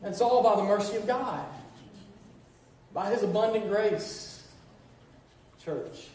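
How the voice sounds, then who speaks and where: Middle-aged male pastor, high mellow voice, preaching with repeated call-outs and restarts; distant, echo-heavy church recording. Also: takes it slowly. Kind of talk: sermon. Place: church sanctuary. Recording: very echoey, distant church recording with faint noise.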